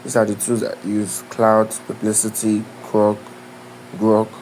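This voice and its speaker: A man's voice: lowish voice, flat delivery, normal speed, a little mellow, slight background noise, rough recording. A man giving a live step-by-step tutorial, talking loosely and often stopping to ask if you understand. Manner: instructive, keeps asking "do you understand?"; loose, repeats and restarts phrases. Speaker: tutorial creator. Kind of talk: live screen-share tutorial.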